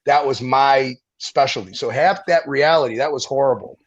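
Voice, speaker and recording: A middle-aged man, a veteran and former firefighter, telling stories in a casual interview, animated and profane, acting out the people he quotes. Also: mid-range voice, moderate pace, breathy edge, highs cut off.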